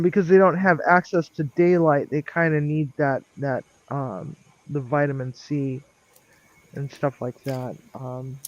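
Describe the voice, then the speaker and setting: A man's voice: fairly high pitch, no room sound. Chatty man rambling through a story. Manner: chatty, lots of ums, animated when quoting others. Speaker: live streamer telling a work story. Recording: dull lo-fi dry sound.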